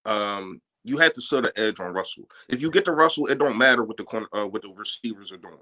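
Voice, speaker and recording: A man's voice: fairly low pitch, lively intonation, fast, pushed and bright. A man co-hosting a casual fan sports stream, talking emphatically and often repeating himself.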